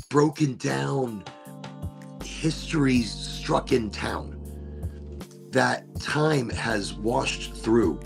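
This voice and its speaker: A man hosting a podcast, telling a story in a casual, animated way, swearing and repeating words as he goes. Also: mid-range voice, gravelly. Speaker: podcast host.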